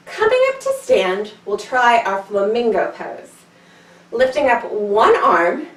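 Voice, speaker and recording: A high, lively woman's voice leads children through yoga poses as she tells an animal story. Her delivery is playful and sing-song. She sounds a little distant, in an echoey room. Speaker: kids yoga teacher.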